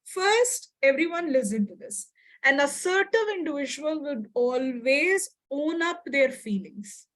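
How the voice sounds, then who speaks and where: High-voiced lively woman lecturer. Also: measured pace, rough recording. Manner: expressive, acts out example dialogues, checks in with audience. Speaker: psychologist giving a workshop. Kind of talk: interactive online lecture.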